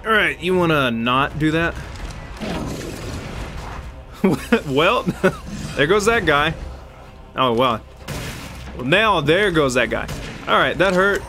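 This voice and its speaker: A man giving chatty, excitable let's play commentary, yelping and laughing while he talks to the enemy on screen. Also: fairly high pitch, slow pace, pauses often, music in the background. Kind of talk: live gameplay commentary.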